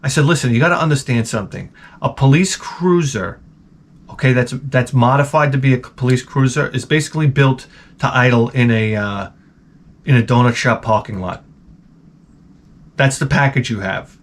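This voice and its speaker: A man hosting his own channel speaks at a moderate pace in a medium-pitched voice. In a casual rant, he tells rambling, profane comic stories, frequently interrupting himself.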